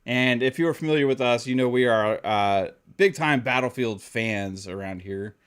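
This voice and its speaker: A man hosting a casual podcast, joking around, laughing often and reading out shout-outs to the chat. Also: mid-range voice, moderate pace, clear, resonant tone. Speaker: podcast host.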